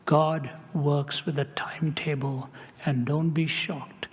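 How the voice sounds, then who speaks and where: An older man preaching a storytelling sermon in a conversational way, sinking into hushed tones at solemn moments. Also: fairly high pitch, level tone, slow. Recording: reverberant hall.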